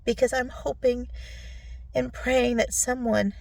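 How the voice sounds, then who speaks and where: A tearful middle-aged woman recording a personal video recap on her phone, speaking softly and often dropping to a whisper. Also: a little high, little pitch movement, slow, gravelly. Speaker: vlogger. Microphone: phone selfie video.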